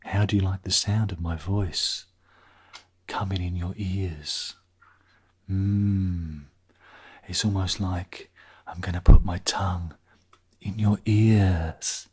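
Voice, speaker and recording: Whispered role-play: a creepy, mock-seductive man breathes low and close in a husky, breathy hush, as a streamer puts it on. The voice sits lower than his usual talk and draws out every word. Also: steady tone, takes it slowly, long pauses, full character voice.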